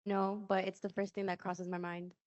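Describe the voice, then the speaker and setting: A woman's voice: medium pitch, little pitch movement, normal speed, a little mellow. Frank woman answering in a workshop, dull audio. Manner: frank, hesitant fillers. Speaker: workshop participant. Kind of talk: candid answers in a group session.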